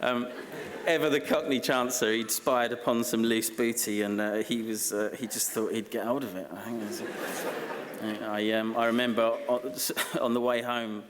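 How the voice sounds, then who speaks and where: A man giving a comic, self-deprecating acceptance speech at a graduation ceremony, dry and halting with ums. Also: mid-range voice, steady tone, noisy background. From Essex, England. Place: large graduation ceremony hall. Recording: long hall reverb.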